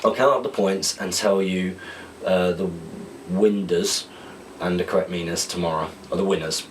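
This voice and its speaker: Casting: male podcast host, lowish voice, a little off the mic, chatty and self-correcting. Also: steady tone, normal speed, recorded from a distance, a little hiss or hum, low-quality recording. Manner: rambling, self-correcting, laughs at himself. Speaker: podcast host answering viewer questions. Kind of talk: casual solo chat reading out questions.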